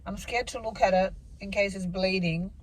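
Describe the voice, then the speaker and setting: A woman's voice: medium pitch, fairly even intonation, normal speed, a little hiss or hum, rough recording. A woman in her thirties telling a rambling, emotional story straight to camera in a casual vlog update. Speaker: vlogger.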